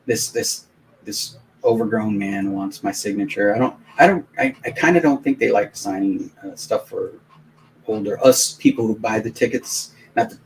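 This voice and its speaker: A man hosting a live stream, telling a long, rambling anecdote in casual, animated talk with many restarts. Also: lowish voice, slight background noise, poor audio. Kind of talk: casual storytelling on a live watch-along stream.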